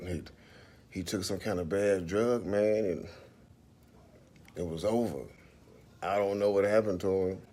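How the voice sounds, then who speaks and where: A man with a somewhat low voice spins a story on a phone livestream. He talks casually and animatedly, swearing freely, and breaks into laughs. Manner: profane, animated, laughs often. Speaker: rapper hosting a livestream.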